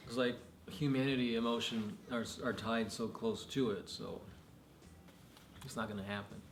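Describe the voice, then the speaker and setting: A relaxed man co-hosting a casual chat, loose and unhurried. He is in a roomy, echoing space. A faint hiss sits behind his voice. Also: medium pitch. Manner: casual, laid-back, lots of "like" fillers. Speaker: podcast co-host. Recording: echoey room with faint noise.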